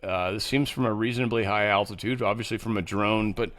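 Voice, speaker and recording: A man's voice: lowish voice, fairly even intonation, fairly quick, a bit bright. A man hosting a show, reading news headlines and adding sarcastic, mocking commentary in a loose, casual way. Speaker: show host.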